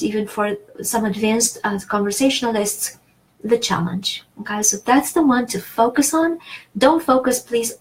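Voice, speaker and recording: A woman's voice: a little high, poor audio. A woman teaching a French lesson in English, explaining patiently with many fillers and restarts. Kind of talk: online language lesson.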